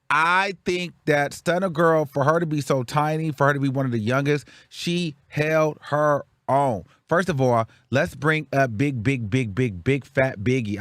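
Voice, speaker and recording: A man's voice: medium pitch, fairly bright tone, dry recording. A young man from the Bay Area hosting his show, giving blunt, sassy commentary on reality TV in casual chat. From Bay Area, California. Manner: sassy, blunt, repetitive rants. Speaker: show host.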